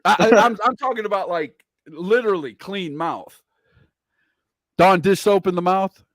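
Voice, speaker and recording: A man's voice: sits high, unhurried, no room sound, studio quality. A man hosting a casual interview, reading out viewer questions and bantering with frequent laughter.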